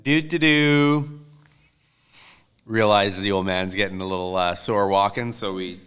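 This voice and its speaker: A man's voice: low voice, level tone, fairly quick, a bit bright, smooth. A man co-hosting a hockey podcast, telling rambling, self-deprecating stories in casual chat. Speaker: podcast co-host.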